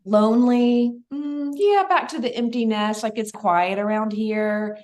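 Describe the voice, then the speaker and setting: A middle-aged woman, a podcast guest, speaking in a soft, reflective and openly emotional way. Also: fairly high pitch, measured pace. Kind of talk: casual podcast conversation.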